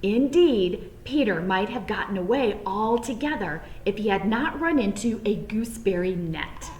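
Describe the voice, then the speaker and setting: A woman reading a children's storybook aloud in an expressive, playful way. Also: medium pitch, moderate pace. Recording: roomy echo, faint background.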